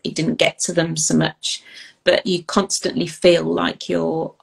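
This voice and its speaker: Gravelly husky-voiced woman. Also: deep voice, flat delivery, low-quality recording. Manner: thoughtful, earnest, halting with many ums. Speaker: ADHD youth coach, guest. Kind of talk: interview conversation.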